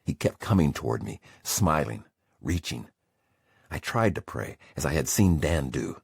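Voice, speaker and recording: A man's voice: a bass voice, very animated, unhurried, gravelly, a little mellow, husky, no room sound, clean studio sound. A man narrating a memoir audiobook in the first person with intense, emotional storytelling.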